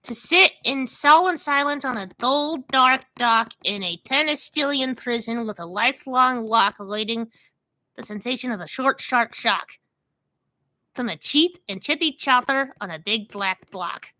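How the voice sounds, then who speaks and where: A woman voicing a cheeky ventriloquist puppet sidekick with a drawling, mush-mouthed Southern US accent. Its voice sits very high and swoops all over the place. The tone is bright and sharp. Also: animated, unhurried, poor audio. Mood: careful.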